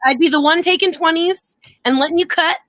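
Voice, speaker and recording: A young woman with a high, bright voice chats on a live stream and tells animated stories. She laughs often and acts out the quotes. The sound is close and dry. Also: a little fast, dry recording. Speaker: co-host. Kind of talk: casual live-stream chat.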